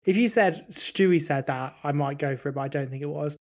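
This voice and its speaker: A man's voice: on the high side, brisk, a little mellow. A man in casual podcast chat, rambling and hesitant, mocking himself. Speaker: podcast co-host.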